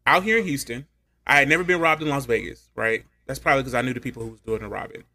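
A man co-hosting a casual podcast, telling comic stories in an animated way and laughing often. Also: mid-range voice, fast. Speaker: podcast co-host. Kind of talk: casual chat, comic storytelling.

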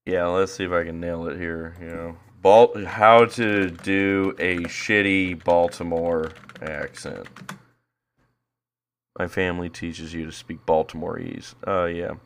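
A man's voice: low-pitched, steady tone, slow. A man co-hosting a podcast, chatting casually and making crude jokes. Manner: crude, joking. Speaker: podcast co-host. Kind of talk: casual chat.

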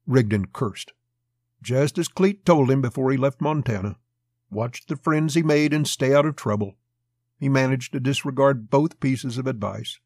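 Male narrator, husky, dry close sound, measured storytelling. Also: mid-range voice, darkish tone, no room sound. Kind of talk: audiobook narration of a western.

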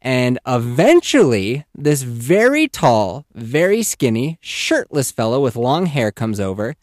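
A man in his thirties telling a casual, animated story as a podcast host, swearing freely and acting out voices. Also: mid-range voice, measured pace, no room sound, clean studio sound.

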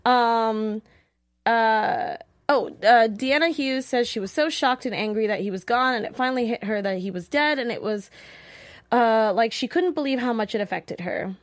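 A woman with a fairly high voice hosts a casual recap of a TV episode, chatting freely and filling her talk with "like." She is animated and keeps slipping into the voices of the characters she describes. The sound is close and dry. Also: normal speed, no room sound. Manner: animated, acts out characters' lines in a swinging voice; chatty, peppered with "like". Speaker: host.

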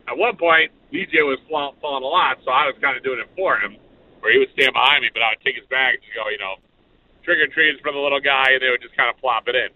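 A man in his thirties hosting a talk show, telling a story and acting out the people in it. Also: mid-range voice. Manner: animated storyteller acting out quotes. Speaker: radio show host. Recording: phone-like narrow band.

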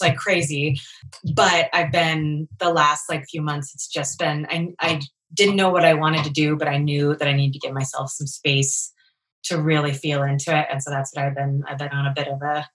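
A woman's voice: low-pitched, a bit bright, rough recording. A woman in her thirties, an entrepreneur guest in an interview, talking openly and chattily with many fillers. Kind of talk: candid conversational interview.

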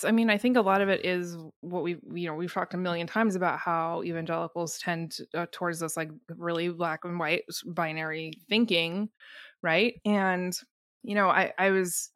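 A woman's voice: fairly low pitch, a bit bright, no echo. Wry woman, dry close sound. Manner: wry, laughs easily, sarcastic asides. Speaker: podcast co-host. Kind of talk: casual podcast conversation.

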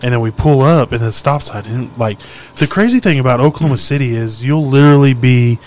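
A man's voice: medium pitch, brisk, a little mellow. A man in casual podcast chat, telling a reckless story with brash, profane energy.

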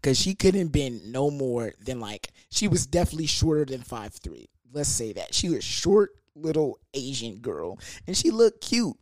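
A young adult speaker spins a rowdy party story with swearing and slang, full of asides and fillers. The delivery is lively and comedic, sitting at a middle pitch. The sound is close and dry, with no room echo. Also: moderate pace, few pauses. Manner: animated, profane, comedic storytelling. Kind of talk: casual storytime monologue.

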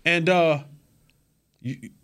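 Man, fairly high voice, sports talk host, animated, repeats himself. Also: extremely slow, clear, resonant tone. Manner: animated, repeats words while building a point.

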